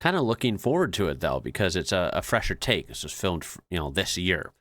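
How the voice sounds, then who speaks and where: A man's voice: low voice, sing-song, fairly quick, fairly bright tone, no echo, clean studio sound. An American man hosting a reaction video, chatting in a laid-back way and laughing often. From United States. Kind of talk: casual reaction commentary.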